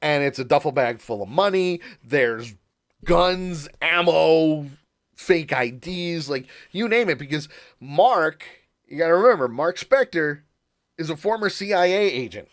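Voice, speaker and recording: A man co-hosting a casual podcast, talking through an episode with many restarts, repeated words and easy laughter. His voice sits a little higher than most men's. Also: expressive, a little slow. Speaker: podcast co-host. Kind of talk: casual chat recapping a show.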